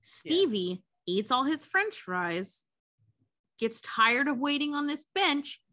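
A woman co-hosting a podcast, recapping a movie in a casual, profane, animated way. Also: high-pitched, slow pace, dry recording, clean studio sound. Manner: profane, animated retelling with quoted character voices. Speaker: podcast co-host.

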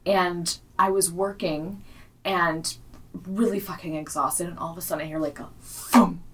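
A woman's voice: lowish voice, fairly even intonation, moderate pace, slightly rough, recorded from a distance. A woman in her thirties co-hosting a podcast in casual chat, telling stories and acting out quotes. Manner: chatty storyteller, acts out quotes. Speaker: podcast co-host.

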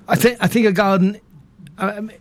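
A man's voice: sits high, steady tone, moderate pace. A man, a guest on a radio interview, who talks in a self-deprecating way and often restarts his sentences. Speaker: interview guest, estate agent.

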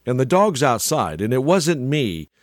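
A man's voice: medium pitch, very animated, moderate pace, no room sound, clean studio sound. An older man telling stories in a casual, rambling monologue, chuckling often and restarting his sentences. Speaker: storyteller.

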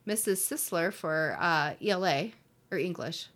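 A woman in her fifties co-hosting a podcast in casual chat, easygoing and reminiscing with quick short replies. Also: fairly low pitch, a bit bright. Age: 50s. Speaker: podcast co-host.

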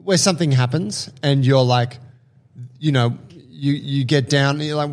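A man's voice: mid-range voice, moderate pace. Male podcast co-host, casual, reflective, blunt joker.

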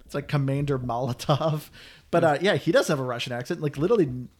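A man's voice: a little high, quick pace. A man hosting a casual chat, talking in a chatty, complaining way. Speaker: podcast host.

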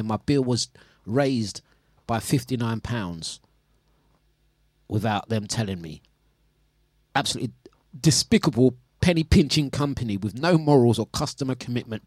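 A man's voice: mid-range voice, lively intonation, normal speed, a little mellow, no echo, clean studio sound. A man hosting a casual breakfast radio show, chatty and indignant, laughing often as he reads out complaints.

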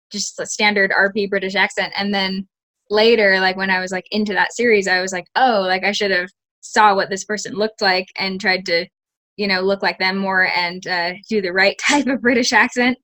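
A woman's voice: medium pitch, level tone, fairly quick, sharp tone, no room sound. A young woman, an actress, chatting casually in an interview, full of "like" and restarts. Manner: chatty, many fillers and restarts. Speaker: actress guest.

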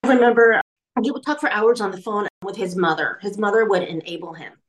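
A woman speaking as an interview guest, telling her own painful story in a candid, halting way. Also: medium pitch, rough recording. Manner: candid, halting, emotional retelling. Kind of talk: personal storytelling.

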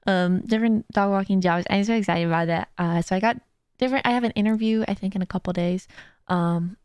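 A young adult woman, a streamer hosting her own podcast, rambles through casual chat into a close mic with plenty of giggles and fillers. She speaks fast in a mid-range, darkish, smooth voice, with no echo.

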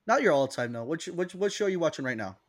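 Animated joking man telling a story. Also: on the high side. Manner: animated, laughing, quick storyteller. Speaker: podcast co-host. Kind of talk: casual storytelling chat.

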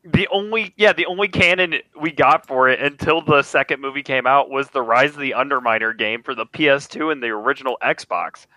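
Bright, animated podcast guy. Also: medium pitch, brisk, hardly any pauses, dry recording, low-quality recording. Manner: animated, stammering restarts. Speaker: podcast co-host. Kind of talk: casual film chat.

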